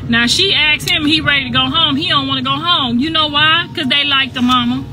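A woman's voice: high-pitched, a little fast, background noise. A middle-aged woman ranting on a phone livestream, emphatic and repetitive, with a sassy edge.

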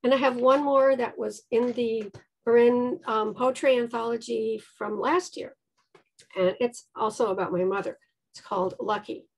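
A woman reading her own poems in a measured way, with hesitant casual remarks between pieces. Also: on the high side, fairly even intonation, gravelly. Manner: slow, measured delivery with hesitant spoken intros. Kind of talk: poetry reading with casual asides.

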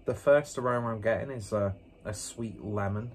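Man, lowish voice, casual beer review vlog, rambling, self-mocking jokes, faint background noise. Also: normal speed. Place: indoors at home with a fan running.

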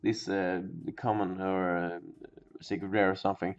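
A young man casually narrating as he opens card packs, rambling and swearing, and sometimes bursting into loud excitement. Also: sits low, moderate pace. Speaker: pack-opening video host. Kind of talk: casual card-opening commentary. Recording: dull lo-fi sound with faint music.

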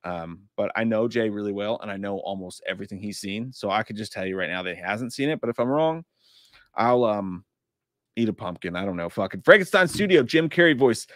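A man's voice: mid-range voice, animated, a little fast, fairly bright tone, dry recording, clean studio sound. A man in his thirties or forties chatting loosely on a live stream, joking and swearing as he reads out viewer messages. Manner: profane, rambling, jokey. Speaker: podcast co-host reading live chat. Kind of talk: casual live-stream chat.

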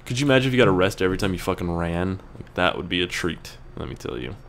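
A young man giving rambling, profane gameplay commentary, breaking into yells at the game. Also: sits low, expressive, fast talker, creaky, a little hiss or hum. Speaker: gaming YouTuber.

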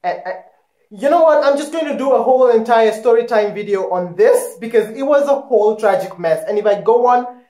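A man's voice: very high-pitched, animated, a little fast, dark tone. A young man from Kenya, hosting a casual Q&A vlog in a sassy, dramatic manner and swearing freely. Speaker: YouTuber. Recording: echoey room with faint music.

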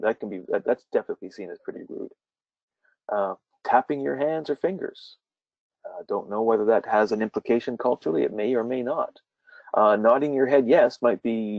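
A male workshop trainer giving a webinar lecture, animated and quick to repeat his words, with fillers. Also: mid-range voice, no room sound. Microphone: webinar mic. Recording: dull distant dry webinar audio.

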